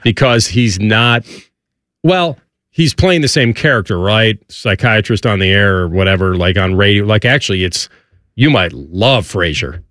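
A man's voice: lowish voice, normal speed, fairly bright tone, no room sound. Dry-miked man with a Chicago accent. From Midwest, Chicago. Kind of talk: casual studio chat.

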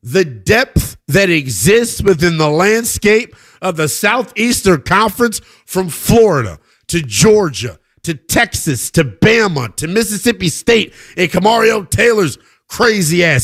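Animated sports radio host, man. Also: measured pace. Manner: animated, swings between loud hype and low asides. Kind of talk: live sports radio talk.

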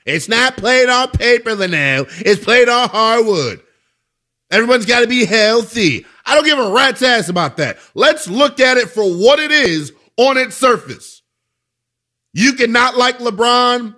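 Animated, bright-voiced sports radio host man. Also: very high voice, measured pace. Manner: animated, emphatic, conversational with rhetorical questions. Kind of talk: sports talk radio monologue.

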